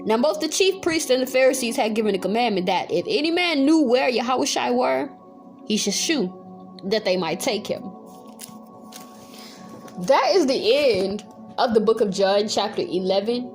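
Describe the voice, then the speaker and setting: High-pitched, fiery woman preacher. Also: normal speed, soft background music. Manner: zealous, swings from calm to yelling. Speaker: Bible teacher. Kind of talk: fiery sermon. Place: at home.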